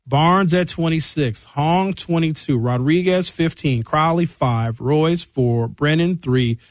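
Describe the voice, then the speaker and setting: A man from Milwaukee talks through a political story with lively, comic storytelling. He slips into voices and drags words out slowly for effect. His voice sits a little high and sounds close and dry. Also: no room sound. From Wisconsin, Milwaukee. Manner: animated storytelling, acts out voices, emphatic slowdowns. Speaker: political commentary host. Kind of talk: casual comedic commentary.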